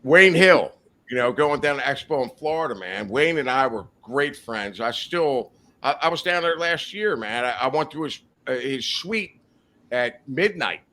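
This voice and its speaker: A man's voice: medium pitch, animated, normal speed, bright, forceful tone. A man casually telling rambling, profane anecdotes on a podcast, laughing as he goes. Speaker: podcast guest telling stories. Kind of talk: casual storytelling chat.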